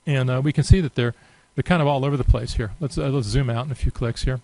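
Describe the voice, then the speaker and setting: A man giving a relaxed, unscripted screen-recorded software tutorial, thinking aloud with many fillers. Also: mid-range voice, quick pace, dry recording, poor audio. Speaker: software demonstrator.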